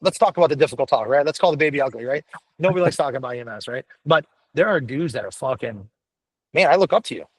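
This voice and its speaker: A gruff middle-aged man speaking as a firefighter guest in a casual chat, blunt and profane, telling stories with energy. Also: mid-range voice, fast talker, dry recording, rough recording. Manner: blunt, profane, animated storytelling. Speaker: podcast guest, firefighter paramedic.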